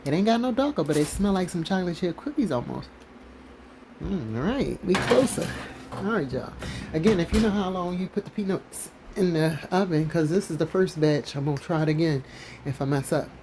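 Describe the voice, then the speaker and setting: A woman's voice: on the low side, expressive, brisk, mellow. Sassy woman vlogger, mocking questions, faint background noise. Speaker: commentary vlogger. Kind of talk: casual commentary while cooking.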